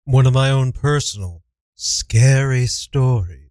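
A man hosting a radio show, telling a personal story in a candid, profane, animated way. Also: medium pitch, takes it slowly, dry recording. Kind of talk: storytelling monologue. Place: radio studio.

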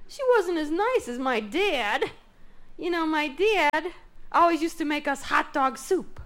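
High-voiced woman doing absurd stand-up. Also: lively intonation, measured pace, fairly bright tone. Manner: absurd one-liners delivered with mock seriousness. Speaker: stand-up comedian. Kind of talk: stand-up comedy routine. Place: comedy stage before an audience. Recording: noisy live recording.

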